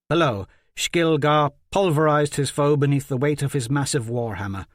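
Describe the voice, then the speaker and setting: A man narrating a fantasy audiobook in a measured, even way. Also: a little high, no room sound, studio quality.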